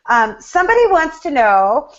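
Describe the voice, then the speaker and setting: A woman's voice: sits high, very animated, moderate pace, dull audio. A woman hosting an interview, asking questions and affirming her guest. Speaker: interview host.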